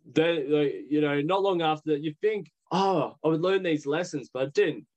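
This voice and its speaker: Australian man, young, slightly higher-pitched voice, candid guest storyteller, loose and rambling. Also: moderate pace, a little mellow, muffled recording. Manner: candid, rambling with many "like" fillers. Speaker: podcast guest. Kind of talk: casual storytelling.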